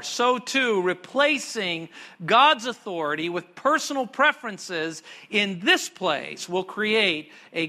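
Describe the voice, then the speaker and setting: A man delivers a sermon in a high, bright voice. He drops to quiet asides, then punches key words with sudden loud emphasis, like a dramatic preacher. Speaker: pastor.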